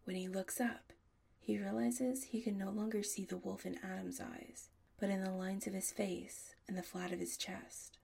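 A woman narrating an audiobook in a soft, often half-whispered delivery. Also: medium pitch, flat delivery, normal speed, vocal fry, breathy edge.

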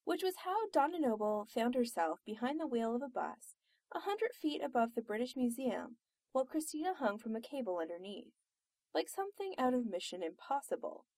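Woman, story reader, fairly high voice, expressive. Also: moderate pace, no echo, studio quality. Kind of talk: reading fiction aloud.

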